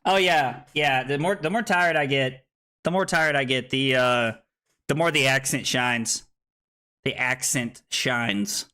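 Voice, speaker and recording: A tipsy man streaming live, chatting loudly and jokily into a streaming mic, swearing and laughing often. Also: mid-range voice, a little slow. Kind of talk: casual live-stream chat. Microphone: streaming microphone.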